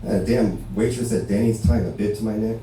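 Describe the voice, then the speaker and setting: A man's voice: lowish voice, fairly even intonation, brisk, warm tone, a little hiss or hum. A man from Los Angeles doing a casual, profane stand-up set, telling stories and tagging lines with "right?". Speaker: stand-up comedian. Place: barbershop comedy show. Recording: very echoey room, mic far away.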